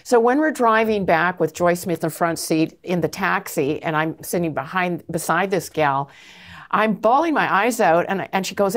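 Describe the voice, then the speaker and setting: A middle-aged Canadian woman with a low voice tells her story with passion and emphasis. She is a guest in an interview, speaking earnestly about her work. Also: moderate pace. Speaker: anti-trafficking advocate, guest.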